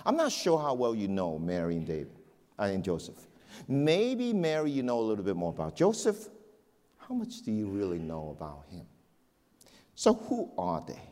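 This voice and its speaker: Animated preacher in a reverberant hall. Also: male voice, fairly low pitch. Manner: animated storyteller, repeats words. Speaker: pastor. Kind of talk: sermon with a joke. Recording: long church hall reverb.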